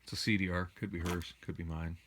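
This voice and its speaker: Recording himself at home on a phone camera, a man rambles and complains wearily in a casual vlog monologue, meandering and restarting often. His low voice is flat and fast, with background noise.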